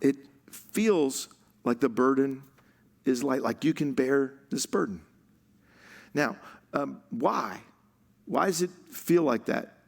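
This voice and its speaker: A man's voice: mid-range voice, takes it slowly, creaky, long pauses. A man preaching a sermon as pastor, conversational and light, laughing often and drawing out words for emphasis. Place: church stage.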